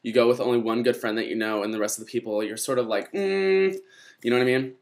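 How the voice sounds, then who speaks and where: A man's voice: medium pitch, level tone, rapid-fire. A young man telling a dramatic night-out story to his vlog viewers, gossipy and swearing freely. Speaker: vlogger.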